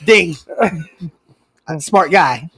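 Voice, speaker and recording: A man co-hosting a casual podcast chat, telling animated stories and repeating phrases for emphasis. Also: on the high side, slow pace, husky. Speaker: podcast co-host.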